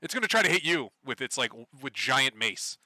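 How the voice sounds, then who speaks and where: A man's voice: mid-range voice, big pitch swings, a little fast, sharp tone, no echo. A man running a tabletop game as game master, casual and profane, laughing often. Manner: laughing, swearing, loose and joking.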